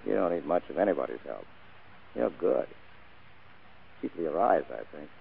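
An actor playing a hard-boiled private detective in a vintage radio drama, terse and dryly wisecracking. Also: male voice, low voice, very animated, moderate pace, gravelly, a little hiss or hum, exaggerated voice. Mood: dry, wry. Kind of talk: 1940s radio acting. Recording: tinny old radio broadcast recording.

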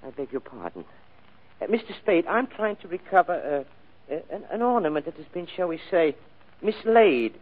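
An oily, overly polite foreigner. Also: male voice, high-pitched, sing-song, moderate pace. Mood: courteous. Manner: formal, elaborately courteous phrasing. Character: fussy, overly polite foreign gentleman, menacing. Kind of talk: 1940s radio acting. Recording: tinny old radio broadcast recording.

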